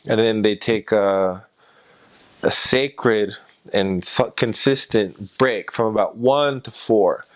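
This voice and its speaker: An American man, a former missionary, telling anecdotes in a halting way with many fillers. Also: lowish voice, smooth. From United States. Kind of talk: personal anecdotes in an interview.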